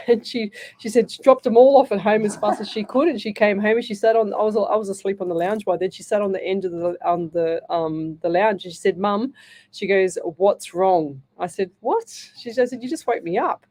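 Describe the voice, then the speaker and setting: A woman's voice: medium pitch, steady tone, a little fast, darkish tone. A middle-aged woman with an Australian accent, hosting a live radio show as a psychic medium and talking in a rambling way with many restarts.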